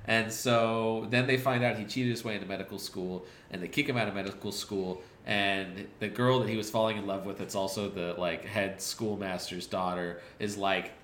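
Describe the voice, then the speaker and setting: A man with a low but bright, forceful voice retells movie plots in a rambling, profane, deadpan way, popping in quick voiced asides. He co-hosts a casual podcast. The recording has a roomy echo. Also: a little hiss or hum. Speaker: podcast co-host. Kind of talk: casual movie recap chat.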